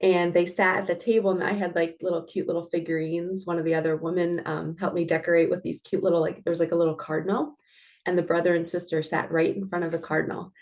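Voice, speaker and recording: A woman's voice: fairly low pitch, little pitch movement, fast, a little mellow. A middle-aged woman, a spiritual coach, chatting casually and earnestly as she reads oracle cards, laughing now and then. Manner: chatty and earnest, laughs often, self-talk asides.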